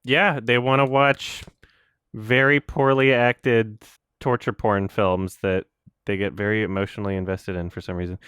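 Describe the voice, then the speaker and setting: A young man co-hosting a podcast, chatting casually in a quick, rambling, sarcastic way and laughing often. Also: on the low side, flat delivery, fairly bright tone, clear, resonant tone, dry recording, studio quality. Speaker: podcast co-host. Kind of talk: casual chat.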